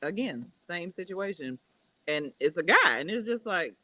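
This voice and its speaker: A woman's voice: lowish voice, moderate pace. A woman hosting a panel discussion, asking the men questions. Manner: animated, asks the questions. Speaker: host.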